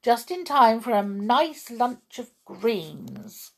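A prim mother rabbit from a storybook, as a woman narrator puts her on, fussing over manners in a slow, husky voice. Her tone rises and falls as she corrects her son. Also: on the high side, very animated, pitched above the performer's own voice, heavily acted. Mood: motherly.

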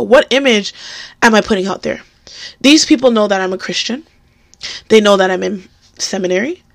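A woman's voice: mid-range voice, no echo, clean studio sound. A young woman hosting a podcast, speaking candidly and emphatically about her faith and personal struggles. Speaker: podcast host.

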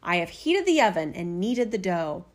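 A woman reading a fairy tale aloud, voicing a cruel old witch in a lower, gruff, scolding voice. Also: very animated, moderate pace. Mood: menacing. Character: wicked old female witch, cruel and greedy. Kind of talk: storybook reading.

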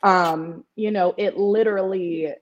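A woman's voice: mid-range voice, steady tone, unhurried. Twenty-something woman on a podcast, chatty, lots of likes and you knows, laughs a lot, kinda dull lo-fi sound. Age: 20s. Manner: chatty, many fillers, laughs often. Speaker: podcast guest. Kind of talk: casual interview chat.

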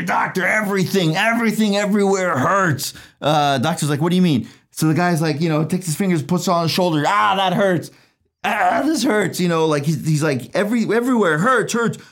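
A man who hosts a casual show as an attorney, chatty and jokey, laughing at his own dad jokes. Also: high voice. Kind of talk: casual legal commentary.

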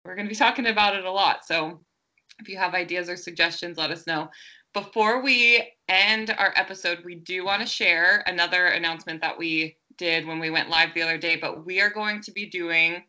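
Bright, giggly millennial woman. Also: fairly low pitch, fairly quick. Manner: giggly, laughs often. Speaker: podcast co-host. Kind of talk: casual chat.

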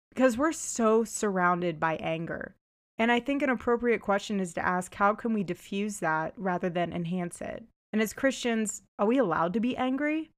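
Woman young podcast host, animated storyteller, faith reflection, mid pitch. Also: clear, resonant tone. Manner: animated retelling, voices rise for quoted lines. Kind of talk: storytelling monologue, Christian reflection.

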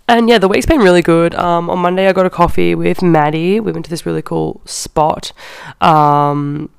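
Chatty young woman, gravelly. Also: fairly low pitch, steady tone, moderate pace, dry recording, clean studio sound. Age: young adult. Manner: chatty, heavy use of "like". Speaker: podcast host. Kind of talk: casual storytelling.

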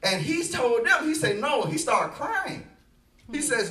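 A man preaching a sermon as pastor, telling a story and building to loud, emphatic delivery. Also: very high-pitched, sing-song, measured pace, reverberant, far from the mic.

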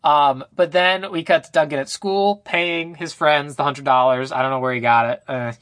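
A young adult podcast co-host casually retelling a movie plot, rambling and acting out the characters' lines with big jumps in pitch. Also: fairly even intonation, moderate pace, a bit bright, no room sound. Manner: loose, rambling, full of "like" and "uh". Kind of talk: casual movie recap chat.

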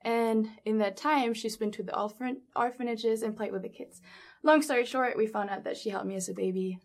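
A young adult woman recounting a personal story in a casual interview, animated, with lots of fillers and quoted dialogue. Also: fairly high pitch, brisk. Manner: animated, laughs often, many fillers like 'um' and 'like'; acts out quoted dialogue in her own voice. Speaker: guest telling her story.

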